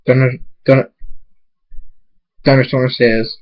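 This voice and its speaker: A man reading his own fan fiction aloud in a halting way, often stumbling and restarting, on a dull lo-fi mic. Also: medium pitch, level tone. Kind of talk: amateur story reading.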